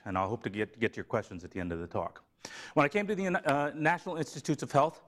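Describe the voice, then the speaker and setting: A man from Tennessee giving a seminar talk in a lively, joking way. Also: mid-range voice. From Tennessee, USA. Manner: animated, joking, slips into a put-on Southern drawl for a gag. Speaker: seminar speaker. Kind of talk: lively academic lecture. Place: lecture room.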